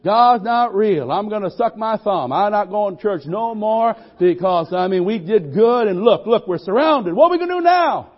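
A frightened young servant quick to give up, as a man voices him in a sermon. His voice jumps high above the preacher's own and he drags out every whiny complaint. The recording sounds dull and muffled. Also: animated. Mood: panicked. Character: panicky young male servant, quick to despair.

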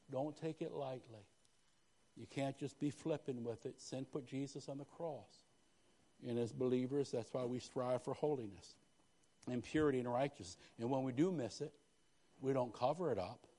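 A male pastor preaching a sermon, swinging from loud, rising exhortation to hushed, quiet confession, often speaking in quoted prayers and repeating phrases. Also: medium pitch. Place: church.

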